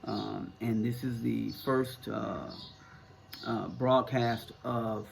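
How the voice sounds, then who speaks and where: A man's voice: on the low side, extremely slow, creaky, slight background noise. A middle-aged American man with a Northern US accent, answering viewer questions in a casual, rambling talk full of fillers and repeated words. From United States.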